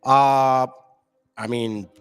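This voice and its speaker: Speaking very slowly and smoothly at a medium pitch, with fairly even intonation, a channel host runs a livestream. He reads the chat and combatively argues with viewers, mocking them as he goes.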